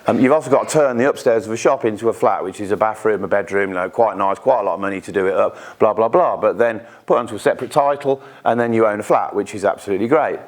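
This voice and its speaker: A man from the UK giving an informal presentation at an investor networking event, chatty, with quick asides and quoted voices. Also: lowish voice.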